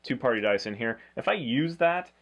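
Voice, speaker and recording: A man hosting a casual board game review, talking in a flat, low-key way. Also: normal speed, dull audio. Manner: low-key, flat delivery, self-described monotone.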